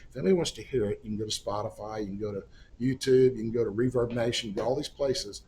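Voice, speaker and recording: A man's voice: medium pitch, rapid-fire, darkish tone, a little hiss or hum. A middle-aged man, a singer-songwriter guest, telling a long anecdote in a casual, wry, self-deprecating way and acting out the people he quotes. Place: studio or room in Oklahoma.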